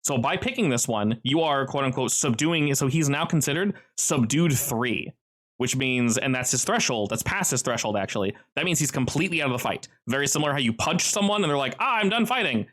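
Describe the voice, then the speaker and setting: A man's voice: medium pitch, lively intonation, brisk, fairly bright tone. A man running a tabletop game as game master, explaining rules and laughing often.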